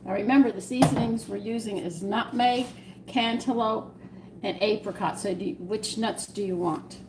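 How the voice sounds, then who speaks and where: A woman with a Southern US accent talks her viewers through a recipe in a home kitchen. Her voice sits in a middle pitch, and she rambles in a chatty way. Clear noise runs behind her. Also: normal speed. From American South. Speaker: home cooking host. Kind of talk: live-stream cooking demonstration.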